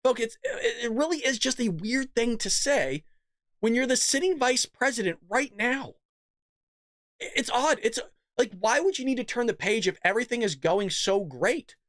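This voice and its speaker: Sarcastic podcast host guy, really lively up and down voice, dry close sound. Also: very high voice, moderate pace, no echo. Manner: sarcastic, mocking, chatty. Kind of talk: political commentary.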